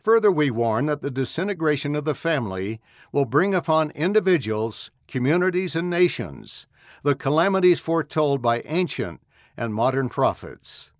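A man reading a church address aloud in a measured, solemn manner, close on a studio mic. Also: on the high side, very animated, no echo. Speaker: audio magazine reader. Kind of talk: scripted narration of a church address.

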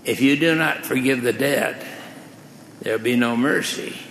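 A man's voice: mid-range voice, a little slow, a bit bright, a little hiss or hum. A man voicing a pleading debtor. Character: desperate male debtor begging for mercy. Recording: echoey hall.

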